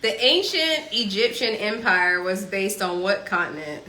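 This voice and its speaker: A woman's voice: mid-range voice, sing-song, a little slow, bright, forceful tone, reverberant, slight background noise, low-quality recording. A woman in casual live-stream chat with her partner, playful and laughing often. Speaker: vlogger co-host.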